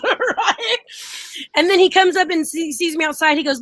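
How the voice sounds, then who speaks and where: A young woman with a high, bright voice chats on a live stream and tells animated stories. She laughs often and acts out the quotes. The sound is close and dry. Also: brisk, no room sound. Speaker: co-host. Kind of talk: casual live-stream chat.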